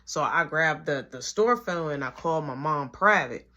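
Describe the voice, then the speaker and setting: A woman vlogger telling a work story in an animated, slangy, dramatic way. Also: sits low, moderate pace. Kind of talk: storytime narration.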